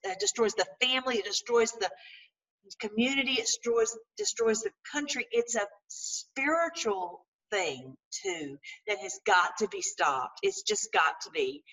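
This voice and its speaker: A woman talking to her viewers in a casual, animated monologue, full of restarts and religious phrases. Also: fairly high pitch, recorded from a distance, rough recording. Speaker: political commentary host.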